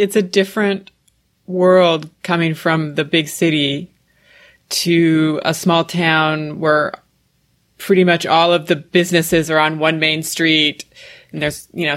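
A woman's voice: deep voice, level tone, slow. A woman interviewer in casual conversation, giving brief agreeing replies.

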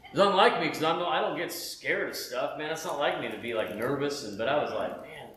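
A man giving a casual, animated sermon testimony from home, often saying "man" and "right?". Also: fairly high pitch, fairly quick, roomy sound, a little hiss or hum. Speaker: preacher.

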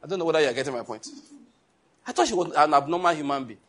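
Pastor preaching, husky kinda high voice, acts out the back and forth in his stories. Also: animated, fast, fairly bright tone. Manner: storytelling preacher, acting out dialogue, laughing at his own stories. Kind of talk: sermon.

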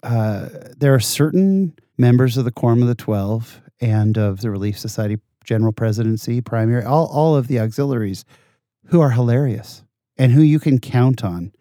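A man chatting as a guest in a dry, close-sounding room, his voice mellow and relaxed. He tells animated stories with a self-deprecating streak. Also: mid-range voice, moderate pace, no room sound. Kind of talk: casual conversation.

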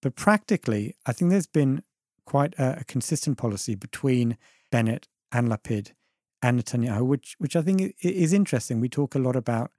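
A man's voice: medium pitch, lively intonation, fairly quick, dark tone, dry recording, clean studio sound. A man arguing his side as a debate panelist, thoughtful and hedging, often restarting his phrases. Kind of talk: debate argument.

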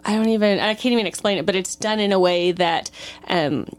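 A woman's voice: mid-range voice, a little fast. Earnest rambling woman co-host. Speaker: podcast co-host. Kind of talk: casual chat.

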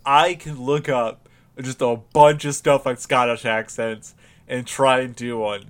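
A man's voice: mid-range voice, steady tone, measured pace, a bit bright, smooth. A man co-hosting a podcast in casual chat, rambling through restarts and laughing often. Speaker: podcast co-host.

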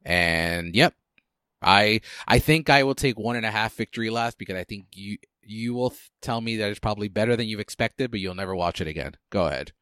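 A man's voice: on the low side, fairly quick, bright, forceful tone, smooth, dry recording, clean studio sound. A man co-hosting a casual film chat, talking in a loose, hesitant way with frequent restarts and fillers. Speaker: podcast co-host.

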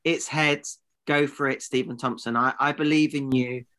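Man, podcast co-host, bright tone, teasing, mock-serious banter. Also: medium pitch, fairly even intonation, normal speed. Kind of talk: casual comedic banter.

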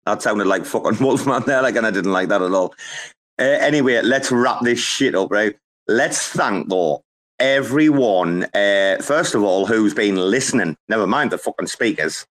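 A man's voice: fairly low pitch, animated, normal speed, a bit bright. Swearing man hosting loose banter. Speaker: host. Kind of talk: casual chat.

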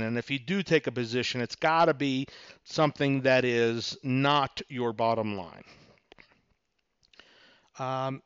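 A man's voice: medium pitch, a bit bright, clear, resonant tone, no room sound, lo-fi sound. A middle-aged man hosting a podcast, teaching in a casual, conversational way with many fillers and little acted-out exchanges. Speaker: podcast host, attorney and investor.

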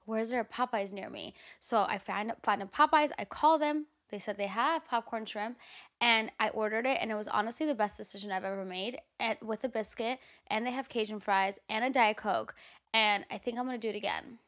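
A woman's voice: a little high, brisk, fairly bright tone. A young woman in her twenties chatting casually as a podcast co-host, swearing freely and saying "like" a lot. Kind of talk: casual chat.

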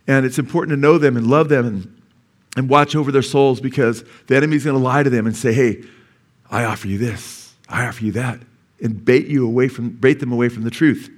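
A man's voice: mid-range voice, fairly even intonation, quick pace. A middle-aged male pastor preaching a sermon in a church, talking conversationally and asking the congregation questions.

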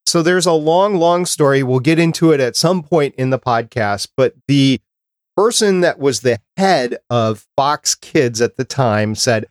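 A man's voice: medium pitch, measured pace, no echo, clean studio sound. A man hosting a podcast in casual chat, reading out dates and lists in a talkative way. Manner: chatty, reads out dates and lists. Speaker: podcast host.

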